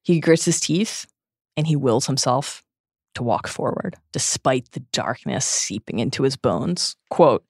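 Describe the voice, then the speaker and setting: A woman's voice: extremely low pitch, expressive, a little slow, breathy edge, no room sound, studio quality. A woman hosting a podcast, recapping a book in an earnest, dramatic reading. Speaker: podcast host.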